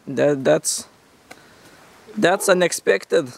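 A man's voice: on the high side, very slow, creaky, crowd noise. A man vlogging outdoors by a forest river, in a teasing, mock-dramatic way, talking to his viewers. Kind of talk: playful outdoor vlog commentary.

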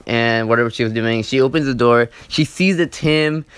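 This is storytime over gameplay from a young man who hosts a gaming channel. He rambles, swears a lot, and leans on "like" and "you know." His medium-pitched voice is clear, resonant and fairly bright, at a moderate pace.

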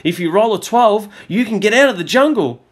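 A man voicing an eager, excitable young boy in a storybook. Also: high voice, fairly quick, breathy edge, pitched above the performer's own voice. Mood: excited.

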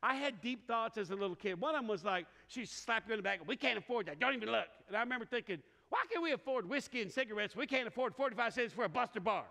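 A man's voice: extremely high pitch, animated, fast talker, gravelly, few pauses, pushed and bright. A middle-aged man preaching a sermon, telling a personal story with humor and frequent laughs. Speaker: pastor. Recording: reverberant hall.

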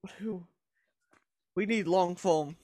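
A man's voice: sits high, slow, a little mellow, dry recording. A young man, co-hosting a podcast in blunt, jokey, sweary casual chat. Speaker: co-host.

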